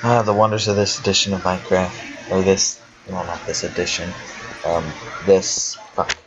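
A young man with a low, fairly even voice talks at normal speed over music, casually commenting as he plays a game. He's a let's player who chats, talks to himself, laughs often, and swears now and then. The home recording sounds dull and lo-fi, with faint hiss.

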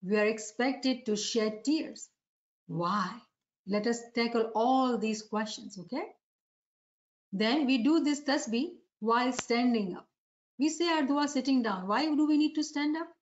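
A woman preacher gives a devotional sermon lecture, putting rhetorical questions to her audience. Her high voice is unhurried, and the recording sounds muffled.

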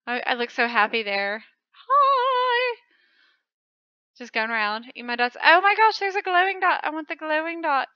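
A woman hosting a channel, giving excited commentary as she plays a game, gushing and squealing at close calls. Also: high-pitched, a little fast, hardly any pauses, dry recording, highs cut off. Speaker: channel host.

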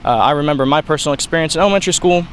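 A man's voice: fairly high pitch, very fast, a little hiss or hum, rough recording. A young man explaining ideas in an unscripted video lesson, rambling with frequent restarts and fillers. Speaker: video lecturer.

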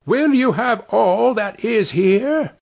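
A man's voice: big pitch swings, measured pace, vocal fry, breathy edge, full character voice. Tom Thumb, a man voicing a tiny cheeky boy. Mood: bawling. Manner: high, bold and mischievous, calls out loudly.

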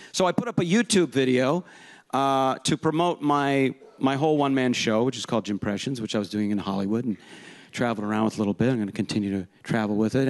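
A man, a voice impressionist, giving a rambling, self-deprecating conference talk on stage before a live audience. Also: medium pitch. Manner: rambling, self-deprecating, slips in quick voice demos.

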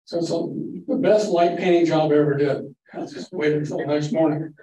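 A man's voice: on the high side, fairly even intonation, fairly quick, mellow. Folksy older man giving a photo talk. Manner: folksy, anecdotal, rambling. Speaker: guest photography presenter. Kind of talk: casual slide-show talk. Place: library meeting room. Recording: echoey room from far off with faint hiss.

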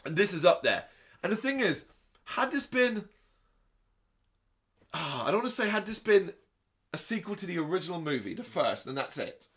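A man recapping a film in casual podcast chat, his voice bouncing through a very lively pitch range. He is sarcastic and swears freely, his delivery sitting a touch higher than most men's. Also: moderate pace, pauses often. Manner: animated, sarcastic, swears often. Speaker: podcast co-host. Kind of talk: casual movie review chat.

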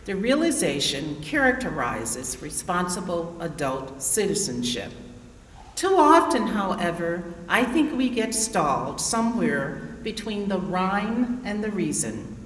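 A woman's voice: on the low side, big pitch swings, a little slow, slight background noise. A woman in her sixties giving a formal keynote address as an association president. She asks the audience rhetorical questions. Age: 60s. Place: large conference hall. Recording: roomy reverberant hall, distant mic.

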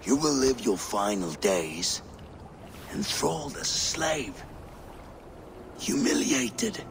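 Slow taunting villain warlord, wild swings up and down, gravelly, game ambience noise behind. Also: male voice, sing-song, full character voice. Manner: taunting, menacing, low growled threats. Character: cruel gloating male warlord villain. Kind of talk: video game voice acting.

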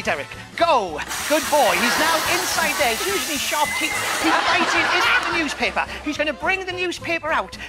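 A man with a North East English accent doing a children's TV magic act, playfully mock-scolding his puppet between bits of patter. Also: very high voice. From North East England. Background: music playing.

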